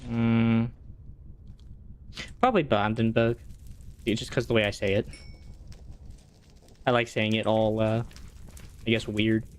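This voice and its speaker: A man's voice: on the low side, steady tone, slow, pauses often, clean tone. A young man streaming a game, chatting casually with his viewers and thinking aloud in a rambling way. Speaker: gaming streamer. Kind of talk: casual live-stream chat while playing.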